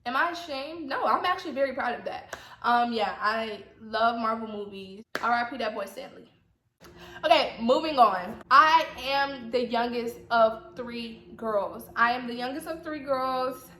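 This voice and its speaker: A woman's voice: fairly high pitch, unhurried, sharp tone. A young woman from Atlanta with a slight Southern accent, chatting casually to camera, repeating herself with playful teasing asides. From Atlanta, Georgia. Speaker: vlogger. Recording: echoey room with faint noise.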